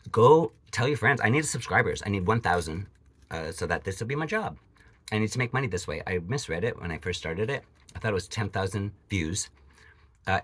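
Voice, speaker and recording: Brief: Canadian man, profane angry vlog rant, bright and husky. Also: low-pitched. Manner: profane, agitated ranting with repeated asides. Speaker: vlogger.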